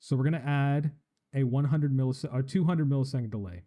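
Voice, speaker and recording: A man talks through audio settings in a relaxed, explanatory way, as if demonstrating live on a stream. His voice is very dark and mellow, sitting at an ordinary middle pitch. He speaks into a studio microphone in his home streaming room. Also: brisk. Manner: explanatory, casual, tests mic with test phrases. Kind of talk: live-stream tech tutorial. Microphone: studio microphone with live effects.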